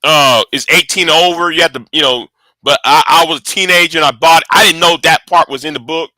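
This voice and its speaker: A man giving casual rambling commentary, excitable and cursing often, stumbling over and repeating his words. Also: a little high, a little fast, no room sound. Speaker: online commentator.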